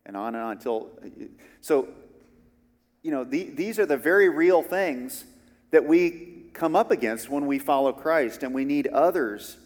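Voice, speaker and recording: A man's voice: medium pitch, long reverb tail. A man who is a pastor, preaching a sermon in an earnest, conversational way with frequent restarts.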